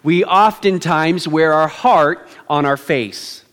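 High-voiced pastor in a reverberant hall. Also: male voice. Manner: conversational, self-deprecating humor; hushed, slow prayer. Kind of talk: sermon. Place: church sanctuary.

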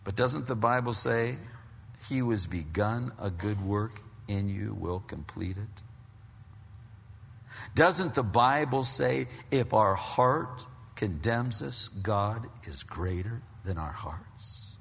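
A man's voice: on the low side, animated, slow, gravelly, husky. Guy preaching in a big echoey church hall, takes his time, builds up to punchy bits. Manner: storytelling preaching with emphatic rises. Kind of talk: sermon. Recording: long hall reverb.

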